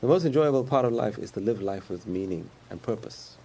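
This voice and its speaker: Man, mellow gravelly voice, easygoing chatty preacher with a little background hiss. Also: lowish voice, expressive, brisk. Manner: conversational, repetitive, chuckles often. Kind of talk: sermon.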